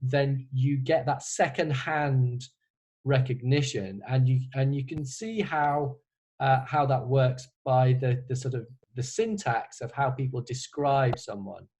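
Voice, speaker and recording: Mellow-voiced man answering student questions. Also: mid-range voice, fairly even intonation, measured pace, rough recording. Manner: hesitant, many restarts and fillers, wry. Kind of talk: casual online Q&A.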